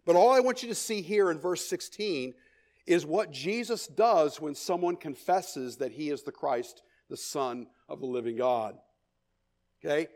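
A man's voice: fairly high pitch, normal speed. A middle-aged man preaching a sermon, stressing his points, repeating key phrases and checking in with the congregation. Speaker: pastor.

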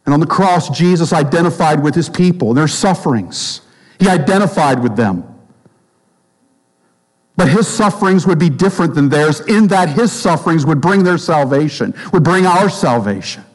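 A man preaching a sermon as pastor, emphatic, repeating phrases and dropping low and slow for stress. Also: animated, long reverb tail, poor audio.

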